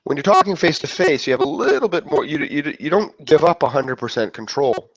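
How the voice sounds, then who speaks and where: A man's voice: on the high side, sing-song, a little fast, no room sound. A man giving a casual motivational talk, rambling and breaking off mid-thought, acting out other people's reactions. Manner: rambling, self-interrupting, acts out quoted reactions. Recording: dull lo-fi dry sound.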